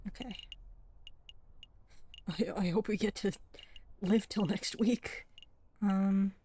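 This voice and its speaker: Mellow-voiced woman streamer reading game lines. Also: mid-range voice, fairly even intonation, takes it slowly, husky, no room sound. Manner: theatrical, switches voices between characters. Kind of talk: reading game dialogue aloud with character voices.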